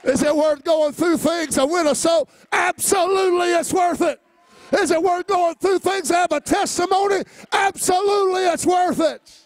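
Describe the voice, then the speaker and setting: A male pastor preaching a sermon, moving between quiet personal storytelling and shouted, rising refrains, with easy laughs along the way. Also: very high-pitched, steady tone, normal speed, no room sound, a faint crowd. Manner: laughs easily between lines.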